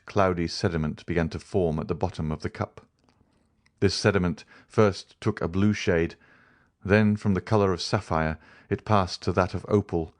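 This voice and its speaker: Male narrator, very low pitch, steady measured audiobook reading. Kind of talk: scripted narration.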